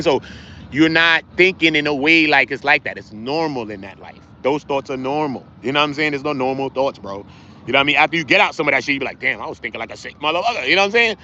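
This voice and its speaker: A man hosting a casual livestream, talking straight to his chat in slangy, animated speech. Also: mid-range voice, dull audio, slight background noise. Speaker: livestream host.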